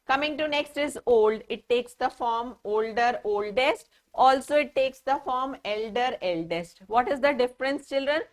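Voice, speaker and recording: A woman's voice: on the high side, unhurried, few pauses. A woman with an Indian English accent teaching a grammar lesson to children, patiently spelling words out letter by letter.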